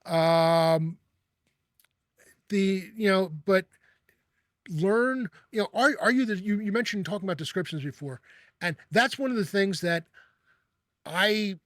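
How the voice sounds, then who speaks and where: A man hosting a casual chat, talking in halting bursts with many restarts and repeated words. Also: high voice, animated, a bit bright, dry recording, clean studio sound. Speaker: host.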